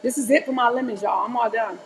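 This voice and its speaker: Woman in her forties, livestream host, higher voice with a gravelly edge, chatty and candid, faint noise behind. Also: fast. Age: 40s. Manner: chatty and candid, often calls viewers "y'all". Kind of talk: casual livestream chat while preparing fruit.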